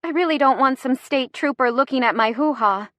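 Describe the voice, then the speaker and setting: A woman's voice: high-pitched, fairly quick, a bit bright, no room sound, pitched above the performer's own voice. A woman voicing a wry, sassy pregnant young woman who jokes under strain, in an audiobook. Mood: joking. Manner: dry, joking under strain.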